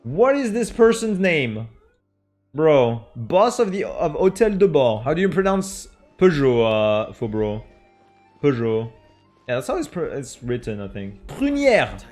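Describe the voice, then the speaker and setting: A man's voice: medium pitch, expressive, measured pace, darkish tone. A young Frenchman streaming with a French accent, his voice rising and falling a lot as he talks. He takes his time, reading names aloud with faint music behind him. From France. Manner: chatty, reads names aloud and laughs at them. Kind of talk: casual live-stream chat.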